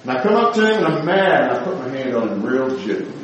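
A man preaching a sermon in a church, folksy and animated, dropping to soft low tones for emphasis. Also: quick pace, few pauses, highs cut off, noisy background.

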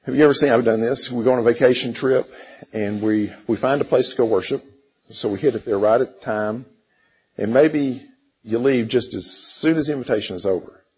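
A middle-aged man teaching a church Bible class, halting, with many fillers and frequent throat clearing. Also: mid-range voice, a little mellow, rough recording.

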